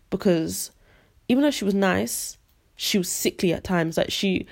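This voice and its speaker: A young woman hosting a casual podcast rants animatedly through a story, acting out the voices of the people she quotes. Her voice is on the low side and creaky.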